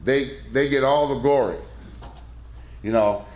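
Speaking a little slowly in a medium-pitched voice with a darkish tone, a middle-aged man, a coach, winds through a folksy story that makes fun of himself. He addresses a men's conference casually in a church hall, where the room echoes.

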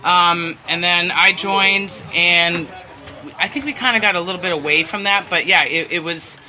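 A man's voice: sits high, steady tone, normal speed, low-quality recording. A man, chatting casually on a live bar podcast, rambling with lots of fillers and some swearing. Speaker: co-host, former band singer. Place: crowded bar, live show. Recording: live bar with loud crowd.

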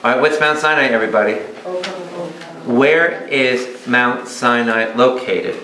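A man who is a priest teaching a Bible study. He talks in a lively way and keeps asking his audience questions. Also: medium pitch, a little slow, a crowd in the background. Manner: animated, asks the audience many questions. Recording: echoey hall with faint noise.

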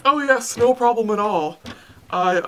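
A woman's voice: on the high side, lively intonation, measured pace, slight background noise. A young woman playing a male delivery man who hesitates and stammers. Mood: flustered.

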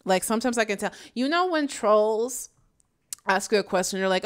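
Casting note: woman host, sassy and chatty, smooth clear voice, mid pitch. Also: moderate pace, a bit bright. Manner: chatty, sassy, laughs often. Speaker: YouTube commentary host. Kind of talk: casual chat.

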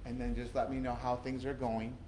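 A man's voice: mid-range voice, flat delivery, a little fast, warm tone, echoey room, a little hiss or hum, rough recording. A male pastor giving a conversational, earnest sermon in a church, repeating phrases for emphasis. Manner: earnest conversational preaching with repetitions.

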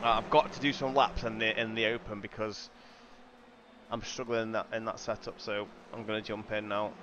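A man's voice: lowish voice, level tone, normal speed, muffled recording, noisy background. A middle-aged man chatting casually to viewers as a sim racing streamer, laid-back and calling everyone "mate". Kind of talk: casual live-stream chat. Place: home sim racing rig.

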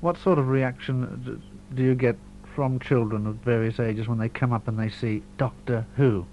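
Radio host guy, mid voice, quick chatty questions, muffled old tape. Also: medium pitch, fairly even intonation. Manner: brisk, conversational questioning. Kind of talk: radio interview. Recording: muffled 1970s radio archive with hum.

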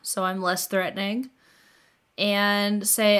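A woman playing a character in a tabletop role-playing game, chatty and quick to laugh. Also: mid-range voice, bright, forceful tone. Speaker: player.

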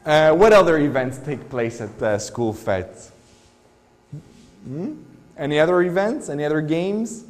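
A man's voice: fairly high pitch, expressive, unhurried, pauses often, big-room sound. A man teaching an English lesson in a school classroom, patiently asking the class one question after another. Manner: patient, asks many questions.

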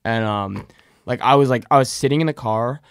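A man's voice: medium pitch, fairly quick, creaky, clear, resonant tone, no echo, clean studio sound. A young man and podcast co-host telling a story in casual chat, rambling with many fillers. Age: young adult. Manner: rambling, lots of "like" fillers, acts out quotes.

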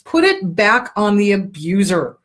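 A middle-aged woman, a therapist hosting a talk show, giving blunt, animated advice with lots of swearing. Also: medium pitch, unhurried. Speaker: therapist host.

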